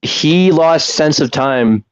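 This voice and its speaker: A young man co-hosting a casual podcast, joking around with deadpan, rambling humor. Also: fairly high pitch, slow pace, clear, resonant tone, no room sound, highs cut off. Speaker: podcast co-host. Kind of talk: casual chat.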